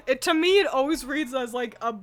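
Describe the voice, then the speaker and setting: Giggly lady chatting casually, kinda high voice, lots of ums and restarts. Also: animated, moderate pace. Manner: giggly, laughs often between phrases; rambling with frequent fillers and restarts. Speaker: co-host ranking anime mascots. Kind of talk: casual chat while editing a tier list.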